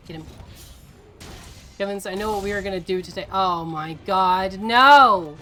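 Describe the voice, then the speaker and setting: A woman streaming a video game, chatting casually with her viewers in an exasperated, teasing way and quick to laugh. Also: medium pitch, a bit bright.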